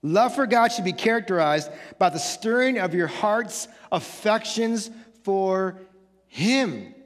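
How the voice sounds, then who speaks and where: A male pastor preaching a sermon, animated, acting out casual quoted voices and building up to excited shouts. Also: sits high, takes it slowly, big-room sound. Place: church sanctuary.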